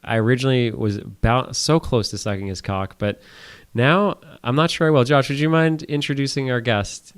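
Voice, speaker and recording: A man's voice: mid-range voice, moderate pace, smooth. A man co-hosting a casual comedic podcast, crude and teasing, talking on a phone line. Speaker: podcast co-host.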